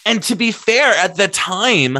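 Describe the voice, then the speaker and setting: A man telling stories in a casual chat, rambling and leaning on filler words as he goes. His voice is bright and swings widely in pitch. The sound is dry and close. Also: expressive, a little slow, dry recording. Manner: laughs while telling stories.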